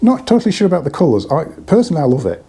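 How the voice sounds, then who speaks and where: Chatty hi-fi dealer, husky and mellow, breathless, rambling. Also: male voice, fairly high pitch, wildly swooping pitch, racing. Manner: rambling, chatty, many restarts. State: slightly out of breath. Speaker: hi-fi dealer reviewing products. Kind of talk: casual product review.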